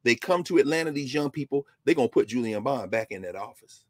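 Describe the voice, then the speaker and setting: A man's voice: medium pitch, lively intonation, quick pace, dry recording. A man giving a history lecture on a talk show, telling the story with emphasis and dropping into casual asides.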